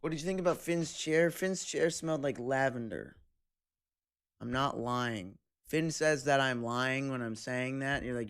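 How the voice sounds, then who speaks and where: A man's voice: mid-range voice, measured pace, a bit bright, smooth. A man streaming, chatting casually with viewers, joking crudely and reading chat aloud. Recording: background music under voice. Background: game music.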